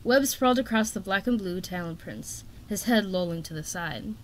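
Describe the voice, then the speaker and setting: A woman's voice: medium pitch, expressive, normal speed, a little hiss or hum. Woman reading a fantasy novel aloud. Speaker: audiobook reader.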